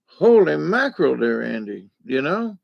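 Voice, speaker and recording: A man's voice: fairly high pitch, very animated, measured pace, vocal fry, no echo, muffled recording. A man talking in a casual, rambling monologue, folksy and digressive, with lots of fillers. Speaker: vlogger.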